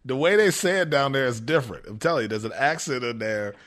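A male sports radio co-host from the Midwest, laughing off his own mistakes. His voice moves lively up and down as he talks. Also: mid-range voice, quick pace. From American Midwest. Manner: self-deprecating, laughing it off. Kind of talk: casual radio banter.

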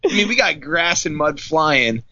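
A man's voice: fairly high pitch, sing-song, a little slow, pushed and bright, dry recording, lo-fi sound. A man telling teasing stories about an old friend in a casual pub chat. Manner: teasing storyteller. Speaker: high school friend of the host.

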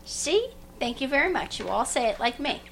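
Lively woman chatting with friends, bright tone, laughs at how she says words, faint noise behind. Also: high-pitched, normal speed, vocal fry. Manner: animated, laughing at her own mispronunciations. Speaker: podcast host. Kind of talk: casual group chat.

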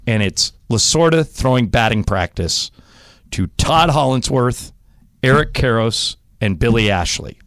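A man hosting a sports radio show, telling stories in a lively, animated way. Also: fairly low pitch. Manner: animated storyteller, does loud impressions when quoting. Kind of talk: casual sports radio chat.

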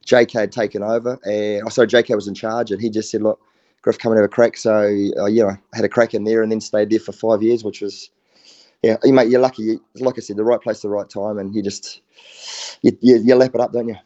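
A man's voice: fairly low pitch, little pitch movement, fairly quick, mellow, lo-fi sound. A middle-aged man with a New Zealand accent, a former rugby player talking casually as a guest, easygoing and full of "mate". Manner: laid-back, says mate a lot. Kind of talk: casual phone interview.

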